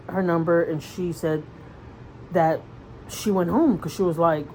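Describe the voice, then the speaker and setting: A woman vlogger with a fairly low voice tells a long story to her camera. Her delivery is casual and rambling, with lots of fillers and restarts. She sounds earnest and conversational throughout. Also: steady tone, slow pace, a little mellow, slight background noise, poor audio. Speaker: mother vlogger.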